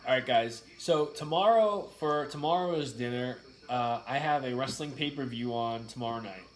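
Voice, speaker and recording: A man's voice: medium pitch, normal speed, rough recording. A man in his thirties chatting casually to viewers on a home vlog in a plain, laid-back way. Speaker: vlog co-host. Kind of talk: casual chat.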